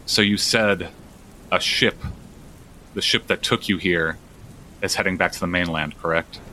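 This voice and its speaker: Man doing a steady, weary beast-folk commander, deep and bright-edged, rain behind. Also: a little slow, slight background noise, poor audio. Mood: questioning. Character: large pawed male guard commander, grave and steady.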